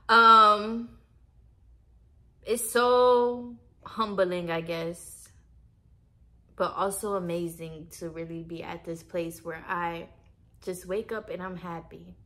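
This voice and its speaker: Bright-voiced young woman vlogging. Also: on the low side. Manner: animated, swears and laughs often, talks to viewers as y'all. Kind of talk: casual spiritual vlog talk.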